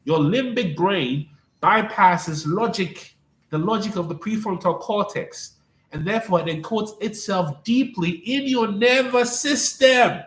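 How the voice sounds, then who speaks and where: Emphatic high-voiced man in an echoey room. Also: measured pace, fairly bright tone. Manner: repetitive, emphatic, preacher-like, addresses viewers by name. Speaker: life coach hosting a live stream. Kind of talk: live-streamed spiritual talk.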